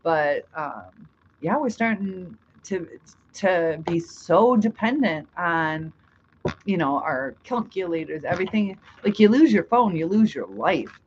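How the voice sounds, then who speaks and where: A woman's voice: on the low side, lively intonation, a little slow, a little mellow, highs cut off, slight background noise. A middle-aged woman hosting a casual live stream, reading out chat comments, chatty with frequent laughs and fillers.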